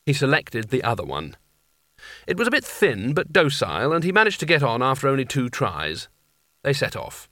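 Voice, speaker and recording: A man narrating an audiobook in a dry, measured storytelling manner. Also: medium pitch, wildly swooping pitch, bright, forceful tone, no room sound. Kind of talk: scripted narration.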